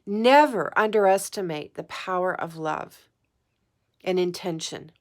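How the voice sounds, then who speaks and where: A woman's voice: on the low side, a little slow. A woman talking straight to the camera in a heartfelt personal vlog, earnest and emotional, repeating phrases for emphasis and close to tears. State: tearful at times. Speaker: psychic vlogger. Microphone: camera mic, talking to camera.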